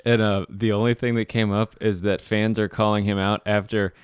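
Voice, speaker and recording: A man co-hosting a podcast, telling an animated story in casual chat and laughing often. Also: lowish voice, moderate pace, clean tone, dry recording, clean studio sound. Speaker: podcast co-host.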